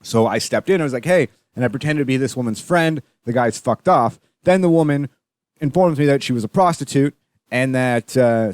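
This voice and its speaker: A man's voice: mid-range voice, no room sound. Profane rambling Canadian man, dry mic. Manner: profane, rambling, animated when retelling. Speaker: podcast host. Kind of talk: casual storytelling monologue.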